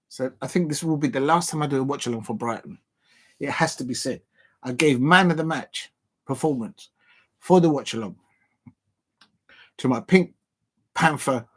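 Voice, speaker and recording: A young man talks through a football watch-along in a loose, animated way, laughing and circling back to his catchphrases. His voice is husky and sits at an ordinary pitch for a man. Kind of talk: casual livestream chat.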